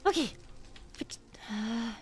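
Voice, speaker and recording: A woman's voice: on the high side, expressive, takes it slowly, slight background noise. A woman speaking as a healer in a voice roleplay, anxious and apologetic, repeating herself a lot. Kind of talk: in-character voice roleplay.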